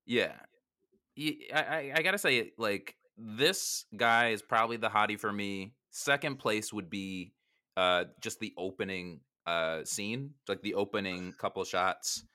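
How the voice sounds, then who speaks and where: A man talking through a film with a friend in a loose, joking way, swearing freely. His voice sits fairly low but comes across bright and forceful, with quick bursts of laughter between remarks. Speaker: podcast co-host. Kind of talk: casual film discussion.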